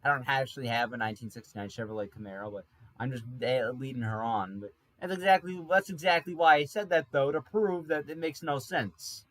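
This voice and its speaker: A man's voice: medium pitch, a little fast. A man rambles through a casual story in a wry, self-correcting way, recorded from an apartment room. His voice sits mid-range and the sound is dry and close, with no room echo. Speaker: podcast host. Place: room in an apartment near a highway.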